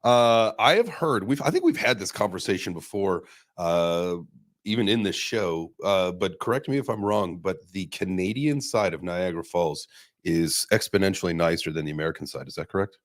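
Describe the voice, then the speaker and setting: A man's voice: low voice, animated, normal speed, dry recording, studio quality. A young man hosting a casual crypto podcast chat, talking loosely with some cursing. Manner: loose, profane banter. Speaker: crypto show host.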